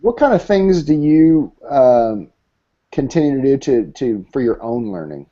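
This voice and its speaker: A man hosting a podcast, asking relaxed, loose interview questions. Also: medium pitch, unhurried. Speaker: podcast host. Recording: dull, lo-fi audio.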